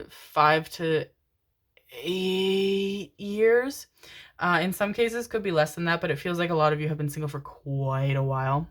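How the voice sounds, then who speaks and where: A low-pitched woman gives a casual tarot reading and calls her listeners "my darlings." She swears freely, repeats herself for emphasis and laughs often as she talks. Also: a bit bright. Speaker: tarot reader. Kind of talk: pick-a-card tarot reading.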